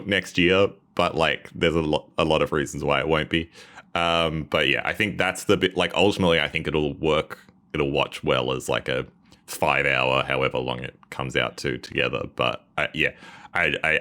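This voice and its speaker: A man's voice: rumbling low, fairly even intonation, moderate pace, pushed and bright. A man talking casually about a movie on a podcast, rambling with hesitant restarts. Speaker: co-host. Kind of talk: casual chat.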